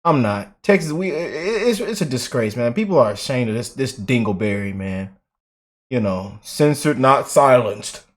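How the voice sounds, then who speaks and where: A man hosting casual political reaction commentary, talking in an animated, mocking, slangy way with repeated words. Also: mid-range voice, moderate pace.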